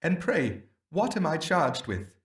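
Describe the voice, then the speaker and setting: A man reading an audiobook, voicing a refined, sad-faced gentleman who is unmasked and desperate, with a formal, pleading manner. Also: fairly high pitch, very animated, measured pace, reverberant, far from the mic, pitched above the performer's own voice. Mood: defiant. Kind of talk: audiobook character voice.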